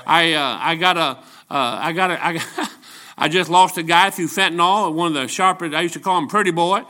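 Bright-voiced man preaching a folksy sermon. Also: on the high side, fairly quick. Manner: folksy, storytelling preaching with frequent restarts. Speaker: traveling evangelist. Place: church.

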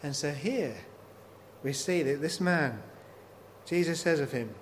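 A man's voice: fairly high pitch, lively intonation, unhurried. A man preaching a sermon, working through scripture with repeated rhetorical questions. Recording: long hall reverb, faint noise.

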